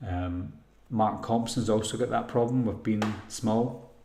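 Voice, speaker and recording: Scottish male live-stream host, casual and meandering, slightly low voice, echoey room. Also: a little slow, gravelly, dark tone. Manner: rambling, thinks aloud while reading chat comments. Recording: roomy echo.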